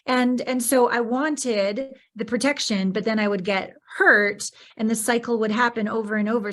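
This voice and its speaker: A woman hosting a podcast in candid conversation, expressive and acting out her own reactions in animated bursts. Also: fairly high pitch, moderate pace, few pauses. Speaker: podcast host.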